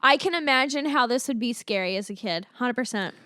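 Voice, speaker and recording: A woman's voice: on the high side, lively intonation, pushed and bright, no room sound, studio quality. A woman co-hosting a casual movie-review podcast, reacting and adding film trivia. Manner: slow, reactive, trivia-minded. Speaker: podcast co-host.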